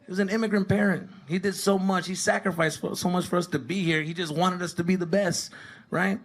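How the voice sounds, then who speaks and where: A man from Arizona doing animated, profane stand-up comedy storytelling. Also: high voice, fairly quick. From Tucson, Arizona. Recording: live stage with crowd noise.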